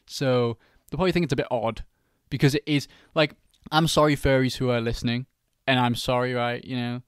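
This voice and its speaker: A man's voice: mid-range voice, steady tone, fairly quick, smooth, no room sound, clean studio sound. A young man, a university student, hosting a podcast in a casual, candid chat. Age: young adult, university student. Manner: easygoing, laughs along, candid. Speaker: podcast host.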